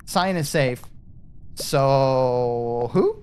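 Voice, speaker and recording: A man's voice: a little high, animated, unhurried, a little hiss or hum. A man casually commenting on a party game with friends, rambling and thinking aloud as he plays. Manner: rambling, thinks aloud, trails off mid-thought. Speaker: gaming streamer.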